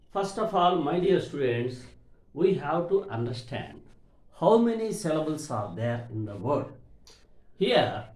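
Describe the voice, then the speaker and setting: A man with an Indian English accent teaching an English lesson, repeating words slowly and stressing their syllables. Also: medium pitch, a little mellow. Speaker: English lecturer. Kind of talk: classroom grammar lesson. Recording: echoey room.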